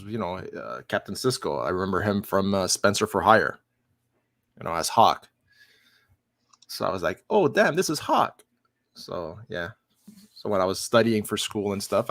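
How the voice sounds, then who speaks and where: A man's voice: fairly low pitch, gravelly, a bit bright, no echo, studio quality. A man with a Quebec French accent, hosting a livestream in rambling, laid-back chat and swearing freely. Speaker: livestream host. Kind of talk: casual chat.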